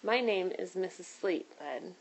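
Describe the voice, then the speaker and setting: A woman's voice: lowish voice, expressive, measured pace, husky, full character voice, poor audio. A woman voicing a caring, scolding grown woman in a read-aloud storybook. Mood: warm. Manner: fussing and motherly.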